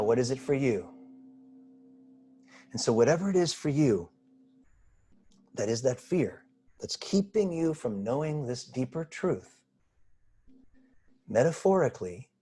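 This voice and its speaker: A man guiding a slow, pausing meditation over a video call, asking gentle questions. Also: medium pitch, expressive, breathy edge. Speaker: spiritual teacher. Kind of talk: guided meditation.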